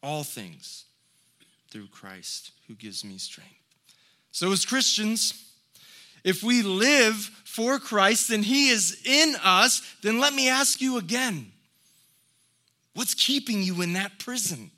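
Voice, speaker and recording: Guy preaching a sermon, slow and unhurried, earnest and pushy, really bright cutting voice. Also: high voice, sing-song. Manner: earnest, building to emphatic exhortations; folksy storytelling with light laughs. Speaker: pastor.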